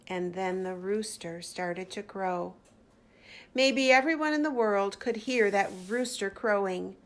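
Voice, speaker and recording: A woman teacher reading a children's Bible story aloud with slow, deliberate drama. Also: medium pitch.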